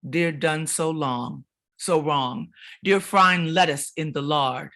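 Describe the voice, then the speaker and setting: A woman poet giving a dramatic, rhythmic reading of her poems at a literary event, swinging between forceful lines and hushed ones. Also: sits low, takes it slowly. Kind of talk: performed poetry reading.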